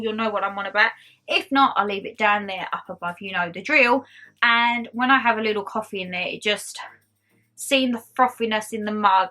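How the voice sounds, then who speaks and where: A young woman in a mixed Essex-Geordie accent gives a bubbly, meandering rundown of her shopping haul to camera. Her mid-range voice sounds pushed and bright.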